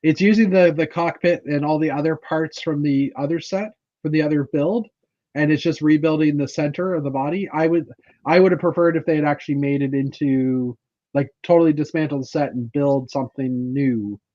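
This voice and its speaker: A man's voice: on the high side, steady tone, a little fast, dark tone, no room sound, highs cut off. A man from Canada hosting a casual livestream chat, rambling with lots of fillers and restarts. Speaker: livestream host.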